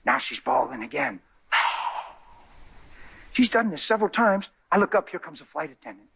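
A man's voice: high voice, sing-song, unhurried, gravelly, bright, forceful tone, slightly rough. A man preaching a sermon, telling stories animatedly and acting out the people in them. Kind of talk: sermon with storytelling.

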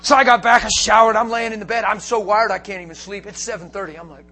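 A man preaching a storytelling sermon, animated and often laughing, breaking into shouts for emphasis. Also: sits high, fast.

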